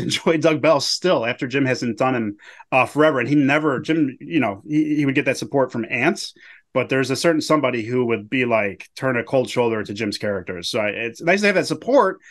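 A man's voice: mid-range voice, a little fast, a bit bright. Jokey man co-hosting a podcast. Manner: jokey, easygoing banter. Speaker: podcast co-host. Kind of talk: casual recap chat.

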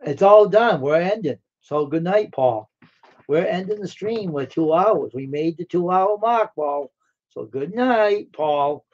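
A man hosting a live stream, rambling on in a friendly, casual way and circling back with fillers and repeats. His voice sits a little high for a man. The sound is dull and lo-fi, like cheap stream audio. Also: expressive, a little slow, darkish tone.

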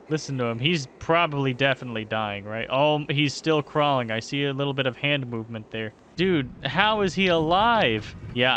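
A young gaming YouTuber gives a joking let's-play commentary, swearing freely as he reacts to the game on screen. His mid-range voice has a sharp tone, with slight background noise.

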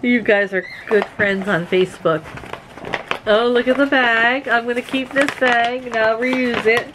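Slow, chatty middle-aged woman vlogger. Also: fairly high pitch, fairly even intonation, noisy background. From Canada. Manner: warm, giggly, talks to viewers as friends. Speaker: vlog host. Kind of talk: casual chatty vlog.

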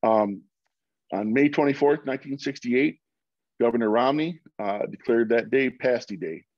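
A man's voice: mid-range voice, normal speed, darkish tone, dry recording, muffled recording. A man from Michigan giving an informal presentation over a video call, with many fillers and restarts. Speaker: guest speaker.

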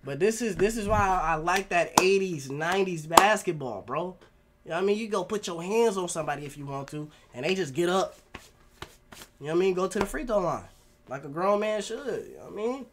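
A man hosting a basketball reaction video, excitable and full of slang, always asking if you know what he means. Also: high-pitched, background noise. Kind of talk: casual reaction commentary.

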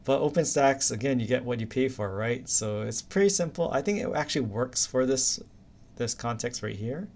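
This recorded anatomy lecture comes from a Hawaiian man speaking at a normal pace in a medium-pitched, darkish voice. He keeps it casual and chatty, with silly memory-aid stories.

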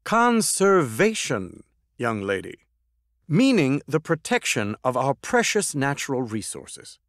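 Man putting on a booming boisterous old president. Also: huge pitch swings, measured pace, no echo, studio quality. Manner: boisterous, declamatory. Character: booming hearty older male president, boisterous.

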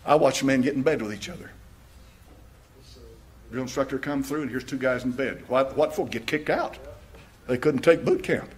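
A man's voice: mid-range voice, moderate pace, pauses often, slightly rough. An older American man, a pastor, preaching a sermon with stories and fervent questions. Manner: storytelling, rising to fervent questions, laughing at own stories.

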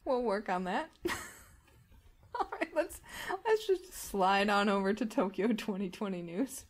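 A woman's voice: medium pitch, lively intonation, slow. A woman co-hosting a podcast, reading news items and chatting casually with frequent laughs. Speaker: podcast co-host. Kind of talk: casual chat, news rundown.

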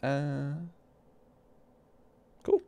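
A man's voice: mid-range voice, big pitch swings, very slow, gravelly, highs cut off, heavy background noise. A man streaming a video game, reacting with yelps, groans and silly asides. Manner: jokey baby talk and sing-song asides. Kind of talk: live gameplay commentary. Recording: loud game music behind.

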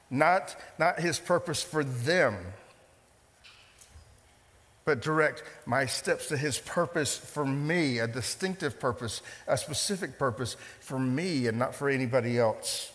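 A man's voice: mid-range voice, measured pace, fairly bright tone, big-room sound. A man preaching a sermon, emphatic, repeating phrases and putting questions to the congregation. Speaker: pastor.

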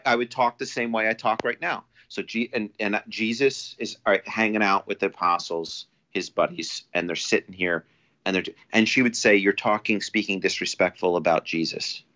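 A man talking as a podcast guest in a casual, rambling way, restarting often and getting animated when he quotes people. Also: on the low side, moderate pace. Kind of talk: casual storytelling. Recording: dull lo-fi audio.

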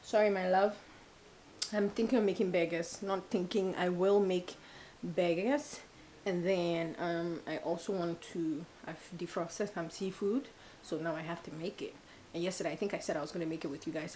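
A woman's voice: fairly low pitch, steady tone, moderate pace, a little mellow, slight background noise, low-quality recording. A woman in her twenties chatting casually at home in a rambling, giggly vlog. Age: 20s. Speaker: vlogger. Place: home kitchen.

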